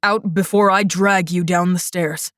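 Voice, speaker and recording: A woman's voice: on the low side, fairly even intonation, unhurried, fairly bright tone, no echo, studio quality, pitched below the performer's own voice. Woman reading a cool formal young man. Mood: growling.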